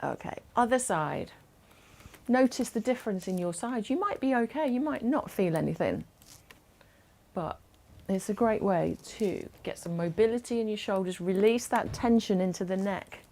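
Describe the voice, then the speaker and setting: A woman instructor leading a gentle chair exercise class over a video call, encouraging and instructive. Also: medium pitch, expressive, normal speed.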